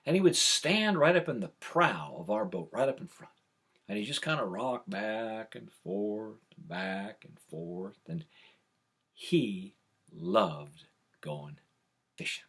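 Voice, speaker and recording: A man tells a tall tale in an animated way, sliding from hushed whispers to loud exclamations. His voice is husky yet bright, low-pitched and very lively in melody. He speaks at an unhurried pace. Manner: expressive, dropping to whispers and rising to shouts. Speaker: storyteller. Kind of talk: animated oral storytelling.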